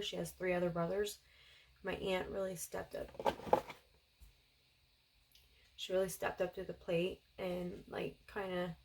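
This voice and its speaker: A young woman talks through a beauty haul in a chatty, gushing way. Her voice sits low and has a gravelly fry. She fills her talk with casual fillers. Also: low-quality recording. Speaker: beauty vlogger. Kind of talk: casual product haul review.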